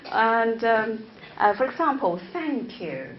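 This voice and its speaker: A woman's voice: a little high, sing-song. A woman professor whose first language is Chinese gives a classroom lecture to teachers, often repeating words and checking in with "right?". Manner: slow, deliberate, interactive with the audience. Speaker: English teacher-educator, professor. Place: lecture room. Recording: echoey, slightly dull room recording with faint noise.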